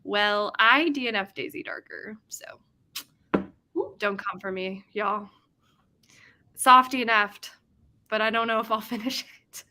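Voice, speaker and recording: A woman's voice: medium pitch, measured pace, pauses often, pushed and bright. A young woman hosting a casual livestream, chatting in a rambling way, laughing often and reading out chat comments. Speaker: livestream host.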